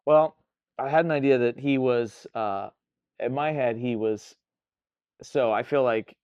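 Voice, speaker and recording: A man at a game table, thinking aloud in halting bursts full of fillers. His voice is smooth and resonant at a middle pitch, with a dry, close sound. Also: no room sound, lo-fi sound. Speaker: player. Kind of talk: casual table talk.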